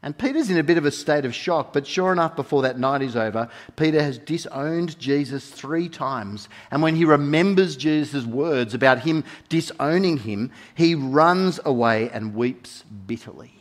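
A man preaching a sermon, swinging between soft, intimate moments and loud, emphatic ones, and repeating key phrases for weight. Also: on the high side, animated, normal speed, hardly any pauses.

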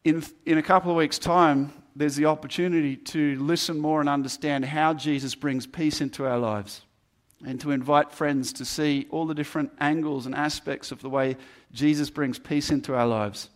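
A man's voice: a little high, fairly even intonation, normal speed. Earnest man preaching a sermon. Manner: earnest, builds emphasis with repeated phrases. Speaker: pastor.

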